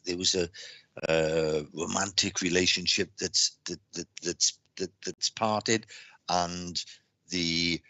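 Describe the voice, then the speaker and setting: A man giving live psychic readings on a stream, speaking haltingly with lots of repeated words and restarts. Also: low-pitched, steady tone, sharp tone, no room sound. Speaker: psychic reader.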